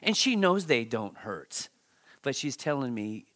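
Preaching from the Bible in a mid-range, sing-song voice, this pastor is dramatic and halting. He repeats words and starts over, and his volume swings between loud bursts and near-whispers.

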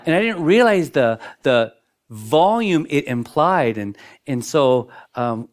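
A man preaching a sermon as pastor, shifting between strong emphasis and soft, hushed moments, often repeating words as he builds a point. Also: medium pitch, lively intonation, a little slow. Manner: dynamic preaching, dropping to near-whispers for emphasis.

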